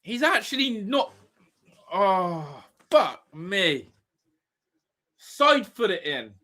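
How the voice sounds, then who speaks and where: A fired-up man hosts a live fan watch-along, his voice leaping around as he yells at the players. His pitch sits a little high, and he swears freely between bursts of commentary. He swings from shouting to grumbling. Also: very animated, slow.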